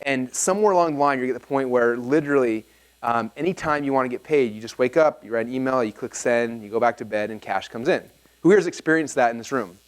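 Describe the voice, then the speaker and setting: Telling a story at a seminar before a live audience, this man is energetic and casual, dropping "like" constantly. He speaks fast in a clean, mid-range voice.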